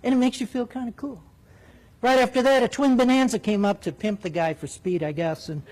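A man, a former military jet pilot, telling a flying story in an animated way, acting out radio calls. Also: very high-pitched, brisk. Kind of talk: spoken storytelling.

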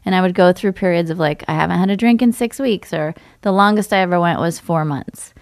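A woman's voice: fairly low pitch, fairly quick, creaky, no room sound, clean studio sound. A woman talking casually and frankly in a conversation, filling her speech with "like". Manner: chatty, lots of "like", frank.

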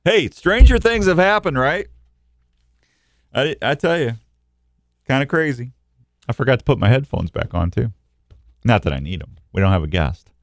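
A man's voice: medium pitch, lively intonation, normal speed, pauses often, dry recording, clean studio sound. A man hosting a live outdoors radio show, rambling and joking with listeners and his producer. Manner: rambling, jokey, chatty. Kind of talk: casual live radio chat.

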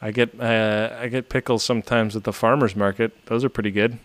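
A man co-hosting a podcast, talking in a hesitant, halting way. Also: fairly low pitch, flat delivery, dry recording. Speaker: podcast co-host. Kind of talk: casual chat.

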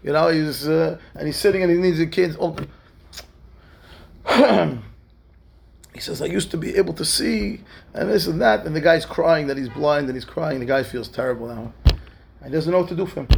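A man's voice: on the high side, creaky. A man, a rabbi, telling a story in a lesson and acting out the characters' lines in raised voices. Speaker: rabbi teaching a class.

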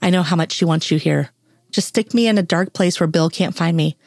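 An injured man agent who keeps joking through his pain, read by a woman. His lines come out wry and teasing. The voice is low and dry. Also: brisk, darkish tone, dry recording. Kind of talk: reading fan fiction aloud.

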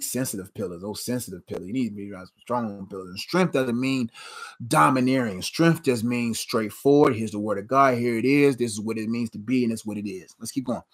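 A man preaching a casual, slangy sermon, swinging between emphatic bursts and hushed asides. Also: medium pitch. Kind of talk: sermon with live Q and A.

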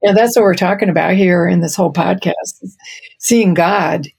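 A woman hosting a faith podcast, responding to her guest in an affirming, thoughtful and unhurried way. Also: on the low side, vocal fry, darkish tone, slightly rough. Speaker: podcast host. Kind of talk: casual faith podcast chat.

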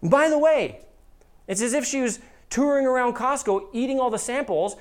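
A pastor preaching a sermon, who acts out quoted voices in a higher pitch and drops to a soft, low voice for earnest appeals. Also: fairly quick.

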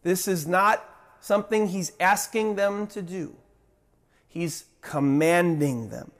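A male pastor with a high-pitched voice delivers a sermon with fervent emphasis. He repeats key phrases and throws rhetorical questions at his listeners. His loudness swells on declarations and falls away to near-murmurs at the ends of lines. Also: animated, a little slow. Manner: impassioned, rising and dropping sharply in loudness.

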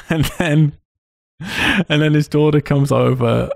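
A man's voice: a little high, steady tone, takes it slowly, gravelly, pauses often, a little mellow, dry recording, clean studio sound. Laughing, sweary man recapping a film. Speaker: podcast host. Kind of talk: casual film review chat.

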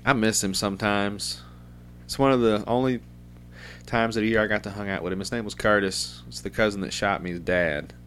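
A man's voice: sits low, a bit bright, a little hiss or hum. A middle-aged man hosting a podcast, rambling in a loose, profane, casual way. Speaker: podcast host.

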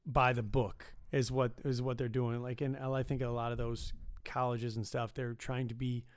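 A man's voice: mid-range voice, little pitch movement, moderate pace, clear, resonant tone, dry recording. A man chatting casually in an easygoing, agreeable way. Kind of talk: casual chat.

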